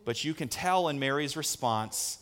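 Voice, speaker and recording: A male pastor preaching a sermon, earnest and full of rhetorical questions, moving between hushed lines and emphatic ones. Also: mid-range voice, expressive, moderate pace.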